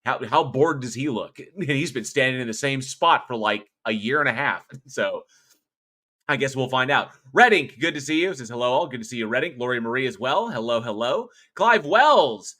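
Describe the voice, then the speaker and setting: Male livestream host, bright ringing tone, chatty and thankful, casual swearing. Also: medium pitch, expressive, fairly quick. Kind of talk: casual livestream chat, reading out viewer comments.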